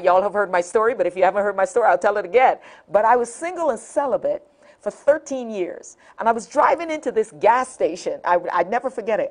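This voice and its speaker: A middle-aged woman hosting a nighttime call-in talk show, telling a funny personal story and laughing often. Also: mid-range voice. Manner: animated storyteller, laughs often, repeats phone numbers.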